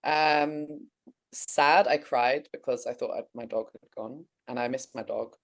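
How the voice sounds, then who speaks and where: An English woman who co-hosts a podcast casually recounts a long dream, animated and laughing, with some swearing. Her voice is very deep and her pace measured.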